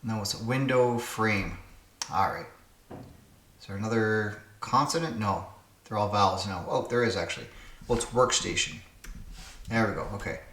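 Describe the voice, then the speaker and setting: A man's voice: fairly low pitch, bright, forceful tone, reverberant. A man hosting his own puzzle channel, thinking aloud and muttering to himself as he solves word games. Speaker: puzzle game channel host. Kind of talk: casual solo puzzle-solving commentary.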